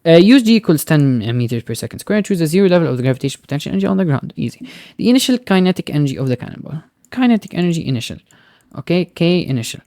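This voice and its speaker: A man with a fairly high voice teaches physics in a recorded tutoring lesson, working through problems step by step. He keeps checking in with his students and drops Arabic words into his English. The sound is dry and close, with no room echo. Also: very animated, racing, a little mellow. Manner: explains step by step, often checking with "right?" and "okay?".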